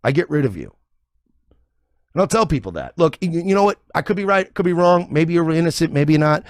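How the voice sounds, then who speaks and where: A man's voice: fairly high pitch, very animated, fairly quick, no room sound, clean studio sound. A man hosting a stream, rambling and profane in casual reaction commentary. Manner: rambling, profane, many restarts. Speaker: stream host.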